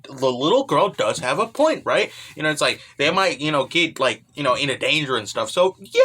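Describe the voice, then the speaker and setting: A man's voice: a little high, very animated, a little fast, hardly any pauses, bright, forceful tone, breathy edge. A young man casually recapping a manga chapter, rambling and checking in with "all right?" all the time.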